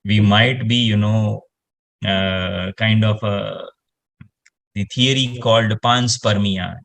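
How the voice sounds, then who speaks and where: A man's voice: lowish voice, fairly even intonation, slow pace, gravelly, fairly bright tone. A man, explaining space science in casual conversation and rambling with lots of "you know" fillers.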